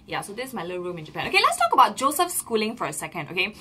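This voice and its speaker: A young woman with a Malaysian English accent, telling a story in a casual vlog from a small room, bubbly and animated. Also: medium pitch, rapid-fire, husky. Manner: bubbly, animated, lots of "lah" and "okay". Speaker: vlogger.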